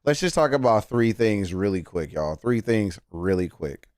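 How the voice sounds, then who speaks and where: A man hosts a casual live-stream reaction in a low voice, heard dry and close with no room around him. He is excitable, cusses freely and jumps up in pitch when something grabs him. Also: normal speed, no room sound. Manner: excitable, swears often, jumps high in pitch when worked up. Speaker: streamer reacting to music news.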